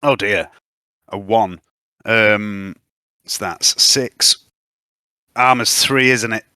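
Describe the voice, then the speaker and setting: Male GM, bright clear tone, dry close sound, laid-back and chatty. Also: fairly low pitch, extremely slow, dry recording. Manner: chatty, easygoing, with long anecdotes. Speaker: game master. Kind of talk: running a tabletop game over casual chat.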